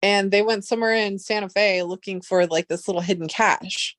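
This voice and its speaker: Young woman streamer, chatty, excitable, swears often, dry close sound. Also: mid-range voice, brisk, no echo. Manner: rambling, excitable, swears freely. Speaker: livestream host. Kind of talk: casual livestream chat.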